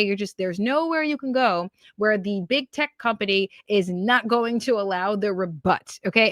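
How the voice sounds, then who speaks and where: A woman's voice: fairly high pitch, a bit bright, dry recording, studio quality. A woman hosting a commentary show, talking emphatically and laughing, with slang like "yo" and "okay" thrown in. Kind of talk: opinionated commentary.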